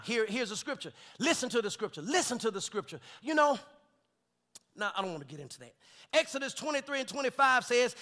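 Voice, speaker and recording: Pastor man preaching in church, real high bright voice, jokey then shouting scripture. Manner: preaching with call-and-response, rising to shouts; folksy, joking asides with laughter. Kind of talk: sermon. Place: church sanctuary.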